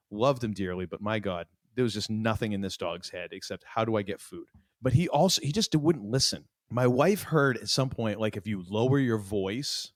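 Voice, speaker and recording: A man's voice: fairly low pitch, no room sound, studio quality. A man co-hosting a podcast, talking in a casual, rambling way and drifting into playful tangents. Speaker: podcast co-host. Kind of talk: casual chat.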